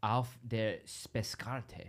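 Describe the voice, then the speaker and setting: A man's voice: fairly low pitch, extremely slow, vocal fry. A man hosting a casual live stream, eager and upbeat, sounding out foreign words and spelling them letter by letter. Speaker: host.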